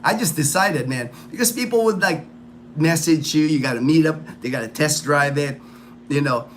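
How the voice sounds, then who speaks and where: Guy rambling on his livestream, lots of you know and man, kinda high voice. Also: normal speed, a little hiss or hum. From United States. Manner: rambling, repeats phrases, many fillers. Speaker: livestream host. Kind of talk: casual livestream chat.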